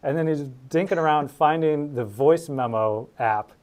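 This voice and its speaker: A man's voice: on the high side, normal speed, darkish tone. A man hosting a casual chat, easygoing and talkative, often laughing. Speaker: host.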